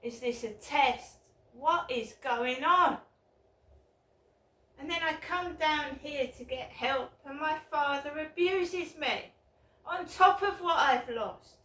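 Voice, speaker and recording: Angry woman vlogger, high voice, slow bitter delivery, roomy echo. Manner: bitter, swearing, shouting outbursts. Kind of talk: angry ranting vlog. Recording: roomy echo, mic at a distance.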